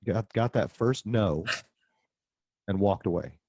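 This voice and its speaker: A man's voice: lowish voice, slow, dark tone, dry recording, highs cut off. A man hosting a podcast interview, speaking thoughtfully and hesitantly with frequent restarts. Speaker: podcast host. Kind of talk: interview conversation.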